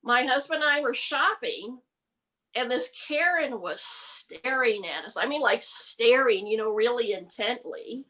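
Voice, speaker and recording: A middle-aged woman doing a stand-up comedy set with a deadpan delivery. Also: a little high, low-quality recording. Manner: slow deadpan delivery with mocking put-on voices. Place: home, virtual comedy show.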